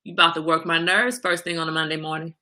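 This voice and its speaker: A woman hosting a casual livestream, answering viewer comments by name in an animated way. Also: quick pace. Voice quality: gravelly low voice. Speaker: livestream host.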